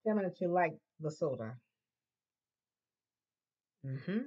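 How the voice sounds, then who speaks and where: Classroom teacher, patient drill voice, models words loudly for repetition. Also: medium pitch, lively intonation, slow, husky, lo-fi sound. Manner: patient, coaxing prompts. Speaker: Spanish teacher.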